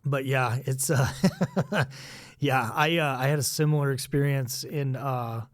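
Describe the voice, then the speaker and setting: A podcast host reflecting in casual conversation, often adding "you know what I mean". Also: male voice, medium pitch, fairly even intonation, measured pace, no room sound, studio quality. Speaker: podcast host, former Marine.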